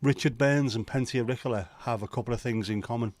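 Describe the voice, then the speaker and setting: A man's voice: mid-range voice, fast, darkish tone. A man who hosts a casual live stream, chatting and joking and greeting viewers by name. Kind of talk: casual watch-along chat.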